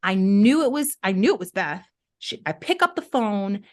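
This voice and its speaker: A young adult woman co-hosts a casual podcast, talking at a mid pitch in an expressive, storytelling way. She fills her speech with "like" and "right?" as she works through her thoughts. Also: normal speed. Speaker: podcast co-host.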